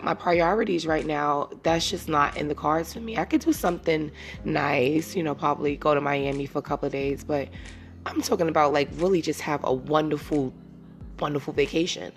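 Low gravelly woman in her thirties. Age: 30s. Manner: rambling, candid, drifting into emotion. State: teary, emotional. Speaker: podcast host. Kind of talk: casual solo podcast monologue.

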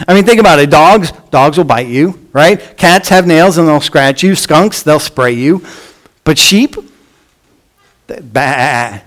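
Male pastor with a high-pitched voice preaching a sermon, moving between emphatic and hushed delivery. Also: a little slow. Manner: reads scripture aloud with emphasis.

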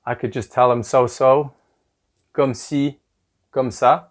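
A man's voice: mid-range voice, steady tone, slow pace. A man hosting a podcast language lesson as a teacher, upbeat and repeating phrases with exaggerated rising intonation.

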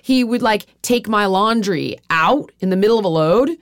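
A woman's voice: medium pitch, expressive, moderate pace, dry recording. A middle-aged woman hosting a podcast, speaking frankly and confessionally, often saying "like" and swearing freely. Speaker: podcast host. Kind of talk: candid personal conversation.

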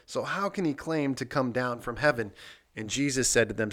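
A man's voice: mid-range voice, normal speed, fairly bright tone. A middle-aged man co-hosting a casual devotional chat, earnestly walking through his Bible study points one by one. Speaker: podcast co-host leading Bible discussion.

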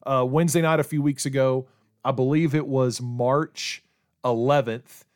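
A man in his forties talks casually as a church podcast host. He rambles and restarts often, in a voice of ordinary middle pitch. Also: steady tone, measured pace, clean tone. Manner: chatty, rambling with many restarts.

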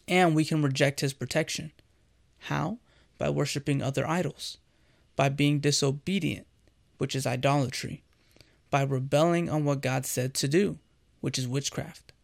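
A man's voice: fairly high pitch, gravelly. A man giving an earnest, conversational sermon as a devotional host, speaking directly to the listener.

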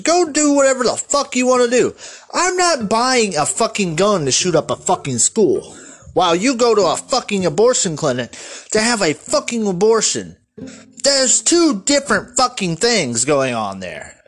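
A man hosting a podcast, delivering an angry political rant full of swearing and shouting at his listeners. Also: high voice. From United States. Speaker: podcast host.

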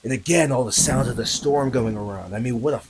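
A man of medium pitch speaks a little fast over a noisy background as he hosts a podcast about a true story. His style is casual and aimed right at listeners, with many fillers and tag questions, and he becomes louder and more urgent when things get tense.

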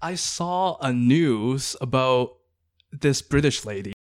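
A man hosts an interview podcast in a relaxed, conversational way. He talks casually and leans on filler words as he works through his questions. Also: medium pitch, slow pace. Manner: casual, uses filler "like" often. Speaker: podcast host.

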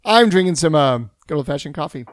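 A man's voice: on the high side, expressive, moderate pace, no echo, studio quality. A man co-hosting a casual podcast, telling rambling stories and laughing often. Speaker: podcast co-host.

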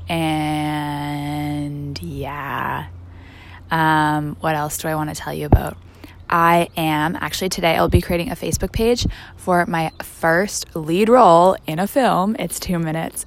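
A woman's voice: low voice, slight background noise. A young woman telling a personal story in a casual vlog, chatty and full of fillers. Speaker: vlogger.

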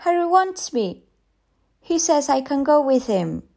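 A woman's voice: sits high, very animated, measured pace, creaky, a little mellow, voice pushed up, exaggerated voice. A woman voicing a stubborn, tearful little girl who pleads and insists in a raised voice.

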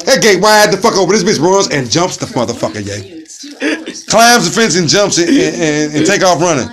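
A man telling stories in a casual chat, loud and animated, acting out the voices of the people in them. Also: on the high side, moderate pace. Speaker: storyteller in a casual conversation.

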